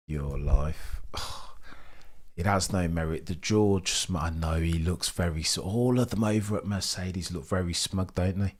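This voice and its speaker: A deep-voiced man hosts a live motorsport watch-along from his home at night. He talks to his chat in an animated, theatrical way, swinging between loud bursts and hushed asides. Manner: animated, theatrical, chatty with viewers. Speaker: livestream host.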